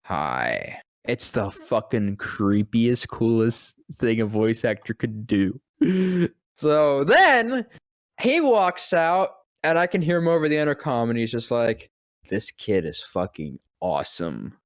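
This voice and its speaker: A man spinning a story on a podcast with a lively voice that swings up and down in pitch. He swears freely and drops into deep, gruff voices whenever he quotes someone. The sound is close and dry, with no room echo. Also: takes it slowly. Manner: animated, profane, drops into deep growly voices when quoting people. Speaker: guest voice actor.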